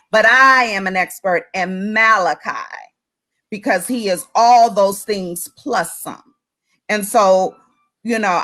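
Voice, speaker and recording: A woman's voice: medium pitch, fairly bright tone. A woman guest on a faith-based talk show, speaking earnestly and with emphasis about her experience as a mother.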